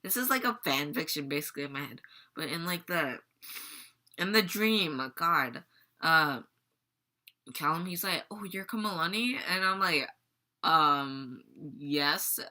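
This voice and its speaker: A woman's voice: deep voice, animated, unhurried, long pauses, sharp tone. A teenage girl vlogging casually, rambling and giggling as she retells a dream. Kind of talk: casual storytelling vlog.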